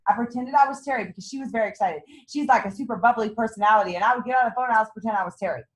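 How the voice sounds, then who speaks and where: High-voiced, bubbly woman pepping up her team. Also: racing, low-quality recording. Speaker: team leader running a sales meeting. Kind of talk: motivational talk to a group. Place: meeting room with a small group.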